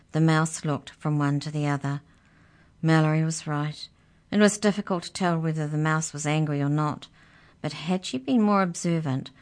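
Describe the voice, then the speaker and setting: Low-voiced woman reading a children's story. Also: darkish tone.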